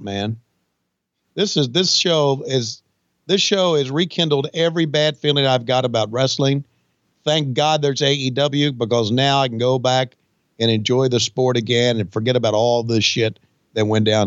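Gruff profane older man in his sixties. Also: medium pitch, normal speed, dry recording, dull audio. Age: 60s. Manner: gruff, blunt, profane, dry jokes. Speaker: podcast co-host, former wrestling figure. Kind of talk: casual podcast banter.

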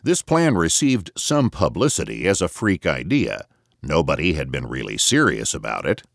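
A man reading a novel aloud as audiobook narrator, measured and reflective, close to a studio mic. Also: rumbling low, wildly swooping pitch, gravelly, dry recording.

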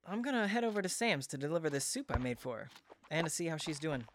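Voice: mid-range voice, sing-song, fast talker, no room sound, natural voice. A person playing a caring, chatty friend who sounds a bit nervous.

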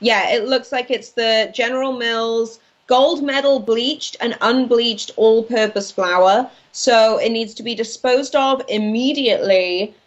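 A woman in her late twenties from Wales talks as a guest writer on a chat show. Her voice sits a little high and she sounds bubbly and easygoing, ready to laugh at any moment. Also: measured pace, few pauses, lo-fi sound. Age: 20s. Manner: bubbly, chatty, laughs easily. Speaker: news and commentary writer, guest. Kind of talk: casual interview chat.

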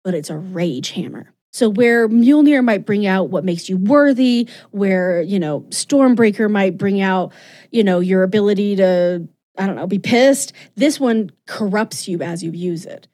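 A woman's voice: medium pitch, animated, unhurried, warm tone. A woman co-hosting a podcast, chatting casually and rambling animatedly with lots of asides. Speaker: podcast co-host. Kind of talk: casual chat recapping comics.

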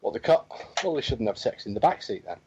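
A man's voice: fairly low pitch, big pitch swings, quick pace, mellow, highs cut off. A man co-hosting a casual chat show with dry, sarcastic remarks. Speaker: podcast co-host.

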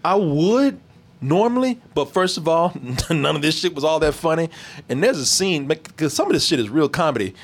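A man cracks up as he trades takes on a movie with a friend. His voice sits high and bounces widely. He swears freely, in a loose, casual way. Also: lively intonation, moderate pace. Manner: laughs often, swears freely. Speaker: movie reviewer. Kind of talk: casual profane chat.

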